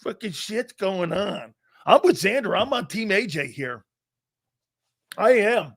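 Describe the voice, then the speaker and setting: A middle-aged man with a high-pitched, wildly swinging voice rants through a live sports talk show. He is loud and profane, and he slips into mocking put-on voices. His delivery is unscripted and animated from start to finish. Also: a little slow.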